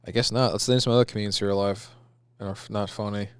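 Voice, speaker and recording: A man's voice: lowish voice, fairly even intonation, rapid-fire, smooth, no echo, clean studio sound. A man in his twenties co-hosting a podcast, rambling casually with lots of restarts and swearing. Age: 20s. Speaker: podcast co-host. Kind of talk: casual comedic banter.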